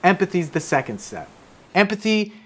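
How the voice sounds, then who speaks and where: A man's voice: sits high, very animated, a little fast, background noise. Man explaining casually with tangents. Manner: rambling, conversational, off-hand swearing. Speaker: host, comedian.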